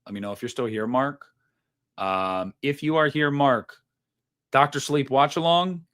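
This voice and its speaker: A man hosting a live stream, reading viewer donations aloud and chatting about them in a relaxed, rambling way full of slang and fillers. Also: mid-range voice, measured pace. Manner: chatty, laid-back, lots of fillers and slang. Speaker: livestream host reading super chats. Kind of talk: casual live stream chat.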